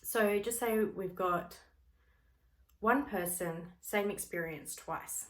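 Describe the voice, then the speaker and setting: A woman's voice: medium pitch, takes it slowly. A woman who is a parent and works with clients, giving a motivational teaching talk and acting out everyday scenes as she explains. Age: adult parent. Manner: expressive, acts out everyday scenes. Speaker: speaker on personal growth, works with clients.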